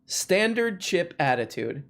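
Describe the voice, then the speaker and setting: A man hosting a casual live stream, joking and playful in quick asides to callers and viewers. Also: sits high, sing-song, vocal fry, fairly bright tone. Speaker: livestream host.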